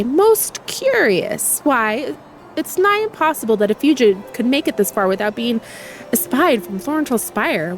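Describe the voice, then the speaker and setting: A woman reading aloud as a formal-spoken male guard from a game, in old-fashioned wording. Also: on the high side.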